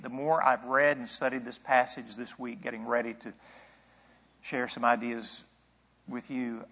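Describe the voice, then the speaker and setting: A man's voice: medium pitch, fairly bright tone, slightly rough, big-room sound, muffled recording. Man preaching a conversational sermon. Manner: conversational, thinking aloud with rhetorical questions. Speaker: pastor.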